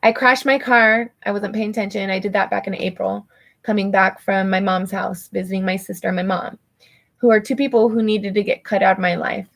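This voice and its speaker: A middle-aged woman with a gravelly edge to her voice chats casually on a live stream as a tarot reader. She vents with frustration and swears freely, then talks herself back into calm. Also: medium pitch, a little fast.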